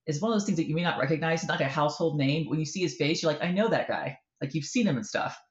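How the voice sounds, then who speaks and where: Animated woman telling a story, roomy sound. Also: low voice, very fast, highs cut off. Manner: animated storyteller, acts out quoted voices. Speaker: author guest. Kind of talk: casual interview chat.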